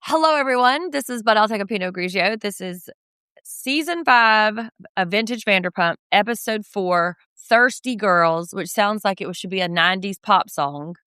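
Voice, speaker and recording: A woman co-hosting a casual pop culture recap podcast, snarky and animated. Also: mid-range voice, normal speed, clean tone, no room sound, clean studio sound. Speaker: podcast co-host.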